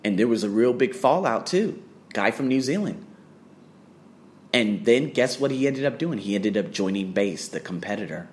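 A man's voice: fairly low pitch, lively intonation, normal speed, a little mellow, slight background noise. A man ranting bluntly to camera about business, swearing often and firing off rhetorical questions. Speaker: fitness trainer.

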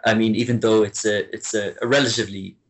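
Guest: Irish man from Limerick, lowish voice, halting and full of restarts, relaxed chat. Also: husky. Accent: Irish, softened by years abroad. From Ireland, Limerick. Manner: hesitant, many restarts and fillers, chuckling. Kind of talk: casual interview chat.

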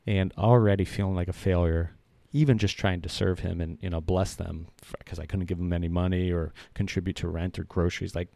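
Deep gravelly earnest man. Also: steady tone, fairly quick, few pauses, mellow, dry recording. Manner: rambling, earnest, full of fillers and restarts. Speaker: vlogger telling a personal story. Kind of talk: casual heartfelt storytelling.

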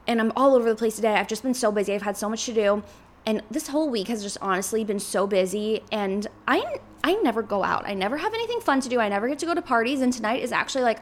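A woman's voice: a little high, lively intonation, fast. A woman in her twenties hosting a podcast, chatting casually and rambling with lots of filler words. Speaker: podcast host.

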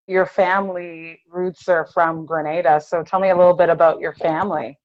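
A woman's voice: lowish voice, level tone, moderate pace, few pauses, highs cut off. A young woman hosting a radio interview, asking questions in a friendly, reactive way. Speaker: radio host.

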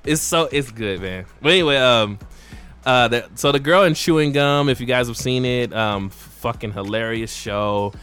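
Bright-voiced young man, animated chat. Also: medium pitch, moderate pace, smooth, faint music behind. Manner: animated, swears a lot, says "bro" often. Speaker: podcast co-host. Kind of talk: casual chat.

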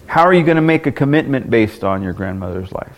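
A man's voice: medium pitch, expressive, quick pace. A man pastor teaching a church class in an earnest, conversational way, asking the group questions and often restarting his words.

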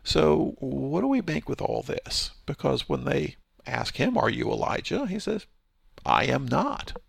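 Gravelly, husky man teaching Scripture. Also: a little high, sing-song, unhurried, dry recording. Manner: conversational, explanatory, with fillers and restarts. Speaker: Bible teacher. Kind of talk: verse-by-verse Bible teaching.

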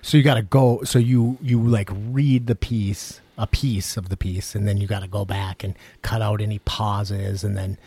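A man with a husky, somewhat low voice co-hosts a podcast. He talks loosely and swears casually as he asks questions. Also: level tone, moderate pace, few pauses, dark tone. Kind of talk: casual chat.

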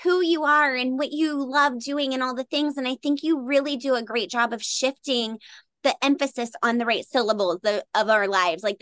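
A woman's voice: on the high side, fairly bright tone, no room sound. A woman hosting a podcast interview, gushing with enthusiastic praise for her guest. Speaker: podcast host. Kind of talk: casual interview chat.

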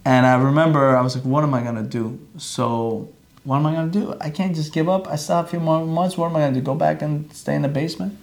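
A young man, a chiropractor, telling a personal story and acting out the quoted lines with big jumps in pitch. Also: quick pace, vocal fry.

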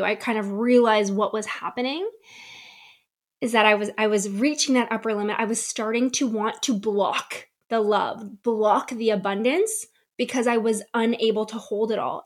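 Young adult woman, podcast host, candid, reflective, personal storytelling, slightly high voice. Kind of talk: solo podcast talk.

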